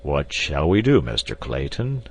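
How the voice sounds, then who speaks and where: A man voicing an elderly professor who speaks slowly and heavily in an audiobook. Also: a bass voice, very animated, gravelly, pitched below the performer's own voice, exaggerated voice. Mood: grieving. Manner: slow, heavy, measured. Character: elderly grieving professor, man, scholarly and resolute.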